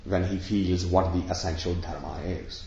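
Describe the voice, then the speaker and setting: Low-voiced man giving a spiritual talk. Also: fairly even intonation, moderate pace, creaky, a little mellow, slight background noise. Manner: conversational, explaining with examples and questions. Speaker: spiritual teacher. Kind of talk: spiritual discourse to a live audience. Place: room with an audience of about sixty. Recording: echoey room, dull lo-fi sound.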